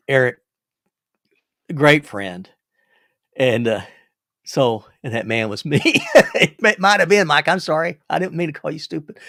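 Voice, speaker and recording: An older man spins casual stories for his livestream in a gravelly voice. He rambles, restarts and chuckles along the way. The sound is dry and close, with no room around it. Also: mid-range voice, a bit bright, no room sound. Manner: rambling, repeats words, chuckles. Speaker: livestream host. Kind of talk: casual storytelling.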